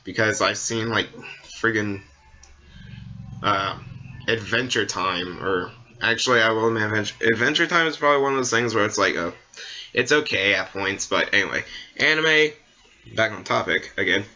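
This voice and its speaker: Rambling young man with a bright voice. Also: on the low side, moderate pace, pauses often, muffled recording. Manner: rambling, full of fillers and restarts. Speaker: vlogger. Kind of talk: casual opinion rant.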